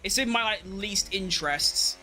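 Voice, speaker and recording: A young man giving excitable live commentary on his own racing game, talking to himself and chanting while he drives. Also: sits high, moderate pace, faint music behind. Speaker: gaming streamer.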